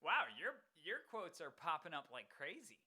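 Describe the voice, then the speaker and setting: Giggly streamer chatting casually, voice all over the place. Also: medium pitch. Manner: laughs often, quick and animated. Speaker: streamer co-host. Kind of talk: casual chat on a live stream.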